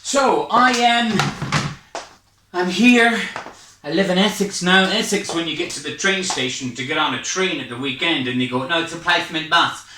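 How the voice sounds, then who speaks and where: A man's voice: sits high, unhurried, background noise. A Scottish man doing a hyper, rambling, self-mocking stand-up set from his home over a webcam, out of breath. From Scotland. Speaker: stand-up comedian. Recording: echoey room, far from mic.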